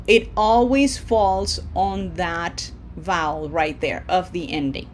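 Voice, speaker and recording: Woman, language teacher, slow and deliberate, drills words for repetition, faint background hiss. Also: lowish voice. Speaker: Spanish teacher. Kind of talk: language lesson.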